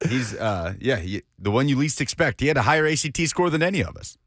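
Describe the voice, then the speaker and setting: A man's voice: mid-range voice, expressive, fast, a bit bright, dry recording, studio quality. A man co-hosting a sports radio show, joking and opinionated in casual banter. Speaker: radio co-host.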